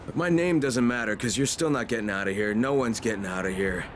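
A man's voice: fairly low pitch, fairly quick, a little hiss or hum, lightly acted. An actor playing a world-weary male rescuer in a game cutscene, speaking bluntly and fatalistically. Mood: grim.

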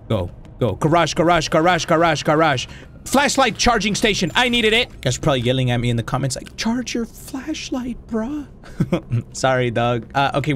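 An excitable young man narrating his own gameplay in a high, animated voice. He jumps between mumbling to himself and yelling, with frequent swearing and laughter. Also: slight background noise. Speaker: gaming YouTuber. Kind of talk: let's play commentary.

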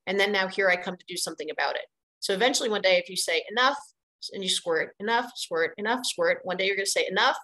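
A middle-aged woman leads an online training session in an energetic, conversational way. She sounds chatty and emphatic, doubling words to drive her points home. Her voice sits at a mid pitch. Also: poor audio. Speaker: dog playgroup trainer presenting a webinar. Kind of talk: instructional webinar talk.

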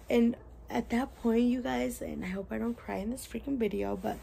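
A woman's voice: a little high, steady tone, moderate pace, gravelly, dark tone, slight background noise. A young woman casually telling a story to camera in a chatty, rambling way, full of "like" and "you guys". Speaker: vlogger.

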